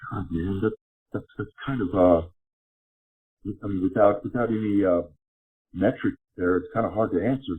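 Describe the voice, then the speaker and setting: A man talking as a podcast guest, speaking casually in halting sentences with frequent restarts. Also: lowish voice, breathy edge. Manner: halting, with many restarts and fillers. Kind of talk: casual conversation. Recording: phone-line call audio.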